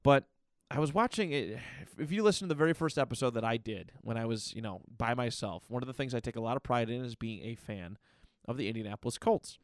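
Male podcast host, gravelly, dry close sound, rambling and candid. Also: medium pitch, fast talker, no echo. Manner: rambling, with frequent restarts and fillers; candid and reflective. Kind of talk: casual personal monologue.

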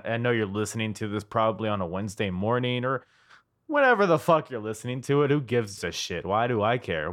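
Tipsy American podcast host, loose and profane, lively swinging pitch. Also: male voice. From United States. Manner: loose, swearing, jokey and rambling. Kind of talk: casual podcast chat.

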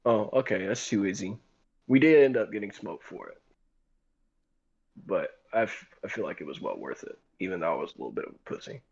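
A man's voice: on the low side, fairly quick, vocal fry, husky, highs cut off. A young man casually telling a rambling, profane story on a group voice call. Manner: profane, rambling, animated retelling.

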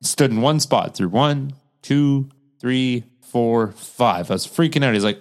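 A young man co-hosting a podcast in casual chat, swearing often and telling stories in an animated way. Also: fairly low pitch, normal speed, clear, resonant tone. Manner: profane, animated storytelling. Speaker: podcast co-host.

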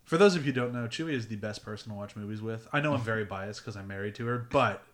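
A man's voice: lowish voice, quick pace. A man hosting a podcast in casual chat, playful and teasing. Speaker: podcast host.

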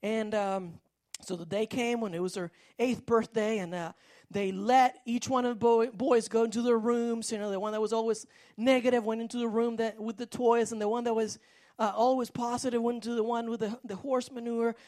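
A woman's voice: on the high side, fairly even intonation, brisk, mellow. A woman preaching a sermon, telling a story in a rambling way with frequent restarts.

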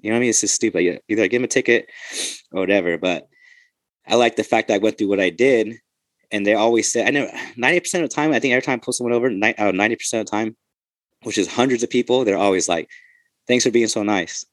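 A man's voice: on the low side, very fast, no echo. A man, a police officer and podcast host, telling loose, profane stories in casual chat.

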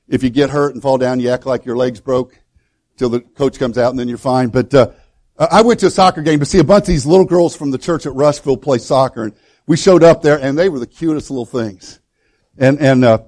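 A male pastor preaching a sermon in a folksy, storytelling way, with many halting restarts. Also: mid-range voice, darkish tone. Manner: storytelling, folksy and self-deprecating.

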